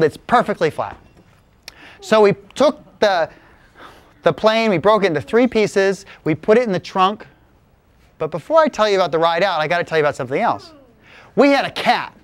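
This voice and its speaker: A man's voice: sits high, expressive, normal speed, dry recording. A man telling a playful tall tale from his childhood to a live audience. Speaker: storyteller. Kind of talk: live spoken storytelling.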